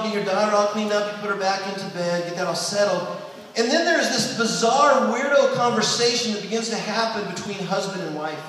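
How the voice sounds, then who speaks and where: A man doing a stand-up routine, telling a long family story and dropping to a soft hush for quoted lines. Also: high voice, slight background noise. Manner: storytelling, drops to a soft hush for quoted prayers and bedtime talk. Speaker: stand-up comedian. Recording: echoey hall from far off.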